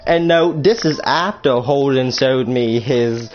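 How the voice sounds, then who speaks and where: This teenage boy's storytime vlog is casual and crude, full of rambling and self-corrections. He talks slowly in a mid-range voice, recorded in slightly muffled lo-fi sound with faint music.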